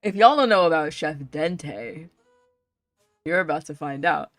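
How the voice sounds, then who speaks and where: Low-voiced woman streamer, casual chat, light music underneath. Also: expressive, unhurried, pauses often, a bit bright, no room sound. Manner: chatty, giggly. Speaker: game streamer.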